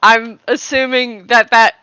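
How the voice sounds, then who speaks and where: Woman player at a tabletop game, slow and bright, dry close sound. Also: on the high side, flat delivery, clear, resonant tone, no room sound. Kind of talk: casual tabletop play.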